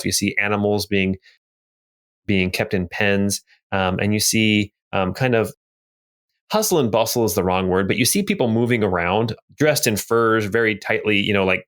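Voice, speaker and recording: A man narrating a tabletop game as game master, relaxed, with many ums and restarts. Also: fairly low pitch.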